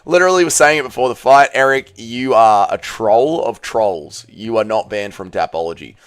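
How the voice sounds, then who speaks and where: A man's voice: medium pitch, normal speed, clean tone. A man hosting a livestream, reading viewer comments aloud and reacting casually, with loose, swearing banter. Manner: laid-back, swears freely, reads chat aloud and reacts. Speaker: livestream host.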